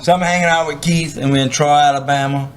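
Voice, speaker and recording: A man with a strong Cajun accent, a guest angler telling a funny story in an animated, wry way. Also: on the high side, fast, a little hiss or hum.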